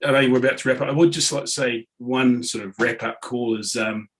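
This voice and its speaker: A man with a New Zealand accent, a guest on a podcast who talks in a relaxed, earnest and jokey way. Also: mid-range voice, a little fast, a little hiss or hum, poor audio. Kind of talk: casual interview chat.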